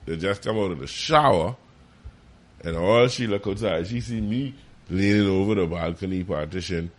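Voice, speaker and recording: A man telling a story in casual chat, animated and profane. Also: normal speed. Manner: animated, profane, jumps high when quoting. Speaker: podcast co-host.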